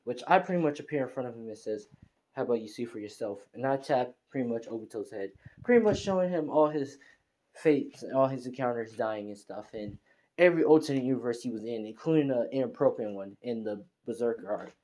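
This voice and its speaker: A man's voice: medium pitch, lively intonation, fairly quick, a little mellow. Rambling man narrating a fan story. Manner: rambling, heavy filler, hesitant restarts. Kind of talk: casual improvised story narration.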